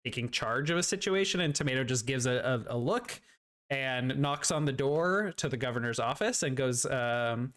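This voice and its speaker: Rambling game master with a smooth voice. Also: male voice, medium pitch, lively intonation, moderate pace, a bit bright. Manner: rambling, searching for words with many fillers. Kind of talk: narrating a tabletop game.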